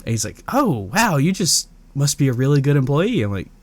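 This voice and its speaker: A man's voice: fairly high pitch, a little fast. A young man co-hosting a casual podcast, telling stories with lots of laughs and acting out the people he quotes. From Indiana. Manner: animated storyteller, acts out quoted people, laughs often. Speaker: podcast co-host. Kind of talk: casual chat.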